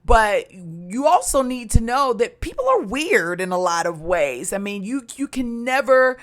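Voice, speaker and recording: A woman's voice: fairly high pitch, big pitch swings, a little slow. A middle-aged woman from Maryland, a recruitment and staffing coach, giving a motivational business tutorial in an upbeat tone with fillers and restarts. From Maryland, USA.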